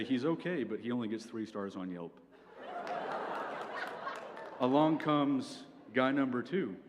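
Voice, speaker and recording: A young man performs a stand-up set like a mock lecture, dry and methodical, tossing in "okay?" between points. His mid-range voice carries a long hall reverb with a faint hum of ambience behind it. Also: medium pitch. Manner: dry, lecture-like delivery with frequent "okay?" asides. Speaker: stand-up comedian. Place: university venue with audience.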